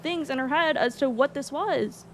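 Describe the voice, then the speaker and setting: A woman with a fairly high voice tells a story in casual chat. She sounds animated and exasperated and swears often. Faint noise sits under her voice. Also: normal speed. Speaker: streamer recounting a roleplay.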